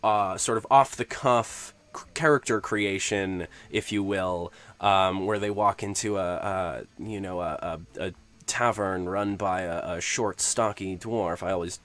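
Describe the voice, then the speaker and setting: A man's voice: low voice, steady tone, unhurried, a bit bright. A man, a game master, explaining tabletop tips in a conversational tutorial, thinking aloud with frequent restarts and hesitations.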